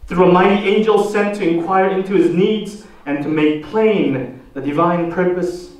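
A man preaching a sermon as pastor, posing slow, deliberate rhetorical questions to the congregation. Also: high voice, darkish tone, far from the mic. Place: church sanctuary. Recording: echoey church hall, voice from off the mic.

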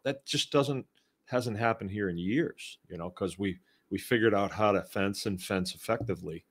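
A middle-aged man hosting a homesteading show, talking in a relaxed, rambling, conversational way as he reads out and answers listener comments. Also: medium pitch, normal speed. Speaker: homestead podcast host. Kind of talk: casual live-show talk reading listener comments.

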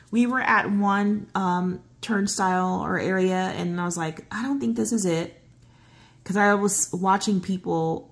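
A middle-aged woman telling a travel story while she colors, rambling with lots of fillers and restarts, and getting excitable. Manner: excitable, voice jumps high when giddy. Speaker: coloring channel host. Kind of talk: casual chat while coloring.

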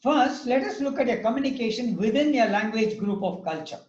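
A man's voice: extremely high pitch, lively intonation, a little fast, darkish tone, echoey room, muffled recording. A man with an Indian English accent giving a lecture, emphatic and anecdotal, repeating his key points.

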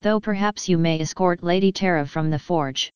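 A prim, condescending male tech priest with servo arms, speaking in measured, formal sentences, as a woman reads him in a storybook. The voice sits a touch low and comes through smooth and very clear. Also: darkish tone, no room sound, lo-fi sound, close to an everyday voice. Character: fussy male machine-bodied tech priest.

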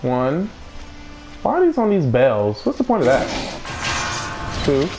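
Excitable, foul-mouthed man, lively pitch. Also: unhurried, music in the background. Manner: excitable, swears a lot, talks to himself. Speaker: let's play gamer. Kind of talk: playing a video game. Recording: noisy recording.

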